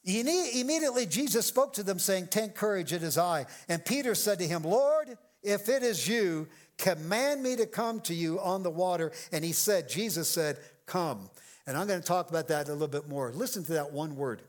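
Male pastor, high lively voice, animated sermon delivery with acted-out quotes. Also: normal speed. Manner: animated preaching, acts out quoted voices, jokes with the congregation. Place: church sanctuary with congregation.

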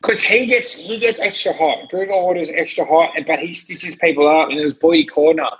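A husky-voiced man with a fairly high pitch, chatting casually as a podcast guest. He rambles through anecdotes, restarts his sentences and acts out what people said. The audio is a bit dull and muffled. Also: fairly quick. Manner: rambling, animated, many restarts and acted-out quotes. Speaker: gym owner and trainer, podcast guest. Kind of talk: casual storytelling chat.

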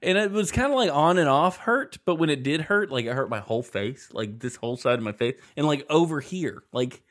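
A man's voice: a little high, animated, fairly quick, a bit bright. A man telling a long story in casual podcast chat, rambling and laughing as he goes. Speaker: podcast host.

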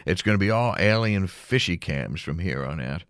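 A man's voice: low-pitched, animated, normal speed, no echo. A man hosting a late-night solo podcast, rambling through wry asides and dry jokes with small chuckles. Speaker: podcast host. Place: home at night, alone.

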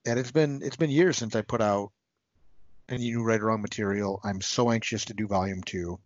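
A man's voice: fairly low pitch, steady tone, fairly quick, dry recording. A man guest on a podcast, talking in a casual, earnest, heartfelt way with many restarts, choked up with emotion. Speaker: podcast guest, comics writer. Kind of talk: casual interview talk. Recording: slightly muffled dry podcast audio.

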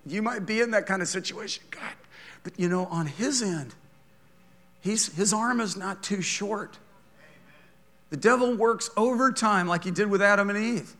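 A middle-aged man preaches a sermon in a high-pitched, bright, forward voice. He moves from quiet, hushed asides to loud, ringing declarations. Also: moderate pace. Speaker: pastor.

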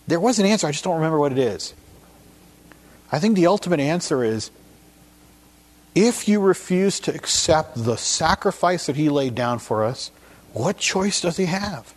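Preacher man with a slightly high voice. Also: lively intonation, normal speed. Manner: storytelling, shifting pace and emphasis. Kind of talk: sermon.

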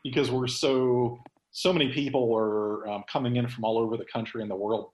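A man's voice: medium pitch, fairly even intonation, fairly quick, a little mellow, reverberant, poor audio. A man hosting a casual podcast chat, rambling along with many ums and restarts. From Texas. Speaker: host.

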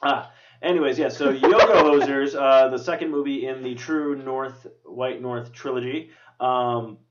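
A male podcast host in loose movie-review chat, mid-pitched and rambling, full of fillers and casual swearing. The sound is dull and lo-fi. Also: steady tone, unhurried, far from the mic. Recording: dull lo-fi recording.

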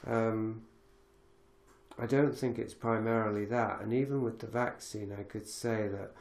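A man's voice: lowish voice, fairly even intonation, measured pace, creaky, a little mellow, reverberant. A man hosting a podcast conversation, reflective and thinking aloud with many fillers and restarts. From lives in Galicia. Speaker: podcast host.

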